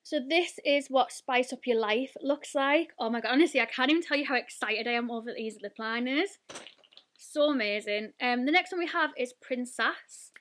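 A British woman in her twenties, a beauty vlogger chatting excitedly while unboxing and swatching, gushing with lots of "like" and "oh my god". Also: sits high, moderate pace. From United Kingdom.

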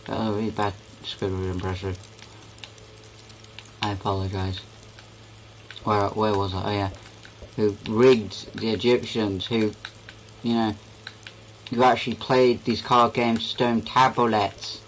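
A man's voice: fairly low pitch, level tone, a little slow, long pauses, a little hiss or hum, low-quality recording. A young man giving goofy, rambling commentary while playing a game. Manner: goofy, rambling, talks to himself. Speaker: gaming video creator.

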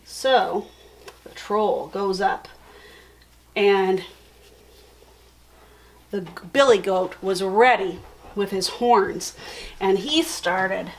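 A woman teacher telling a children's story with a felt board, friendly and expressive. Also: medium pitch, extremely slow, long pauses. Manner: friendly, expressive read-aloud.

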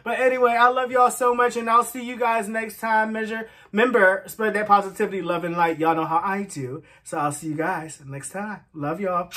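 Bright high-voiced man reacting to music. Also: steady tone, normal speed, few pauses. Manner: effusive, laughing, sings snatches along. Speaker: reaction channel host. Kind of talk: casual music reaction vlog.

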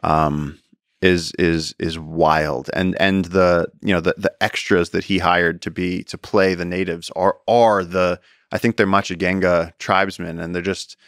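A man with a low, deep voice talks as a podcast guest and explorer, telling stories in an animated way. He trips over and repeats his words while he talks. The sound is dry and close. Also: measured pace, no echo. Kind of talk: casual storytelling conversation.

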